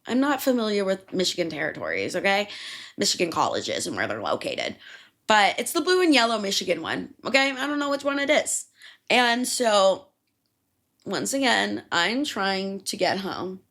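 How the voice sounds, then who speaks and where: Profane, animated young woman ranting. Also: mid-range voice. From Chicago. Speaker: podcast host. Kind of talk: casual solo podcast rant.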